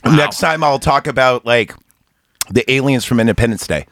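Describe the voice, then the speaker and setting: A man's voice: medium pitch, moderate pace, fairly bright tone, dry recording, studio quality. Crude joking podcast host man. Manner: crude, joking, laughs often. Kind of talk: casual comedic chat.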